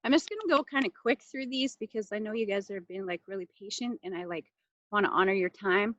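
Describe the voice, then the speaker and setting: A woman hosting a casual live class, talking in a chatty, heartfelt way with lots of fillers and bursts of animated excitement, into a laptop microphone. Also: mid-range voice, a little fast, no room sound, highs cut off. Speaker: class host presenting essential oils.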